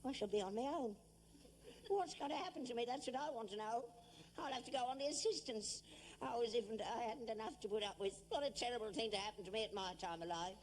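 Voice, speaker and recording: A man's voice: extremely high pitch, quick pace, slight background noise. An actor playing a cantankerous, selfish old father with a working-class London accent, in a whining, self-pitying and cutting manner, in 1960s television sitcom acting. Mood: grumbling. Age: older.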